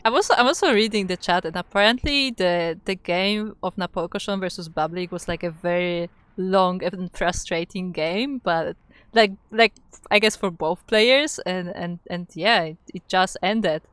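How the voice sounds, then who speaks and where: A woman's voice: fairly low pitch, unhurried, fairly bright tone, smooth, no room sound. A woman casting an esports match live, chatting casually with many fillers and reading the chat aloud. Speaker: esports caster. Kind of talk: casual live game commentary.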